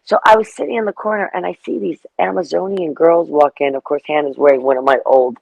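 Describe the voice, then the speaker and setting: A middle-aged woman chats as an interview guest, spinning animated stories full of asides. The sound is dry and close, with no room around her. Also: deep voice, fast talker, gravelly, dry recording, poor audio. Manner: chatty, storytelling, animated asides. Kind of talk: casual interview chat.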